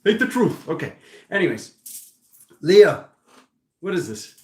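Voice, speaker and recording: A man giving a casual, animated tarot reading, teasing and talking to himself as he turns the cards. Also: high voice, a little slow, roomy sound. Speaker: tarot reader.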